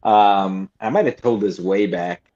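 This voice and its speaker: A man's voice: on the low side, a little slow, a little mellow. Rambling man with a dull lo-fi sound. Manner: rambling storyteller with many fillers and restarts, swearing. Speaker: podcast co-host. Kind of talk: casual chat.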